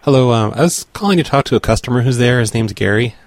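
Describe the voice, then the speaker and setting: A prank caller with an animated, mid-range man's voice and fast delivery chats with his listeners between calls, offering commentary. On the calls he poses as someone from a corporate office, using a dry, mock-official tone.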